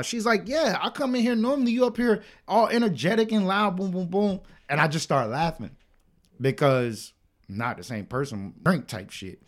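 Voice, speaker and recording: A young man co-hosting a podcast, chatting casually and telling profane stories with acted-out quotes. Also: on the high side. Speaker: podcast co-host. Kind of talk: casual chat.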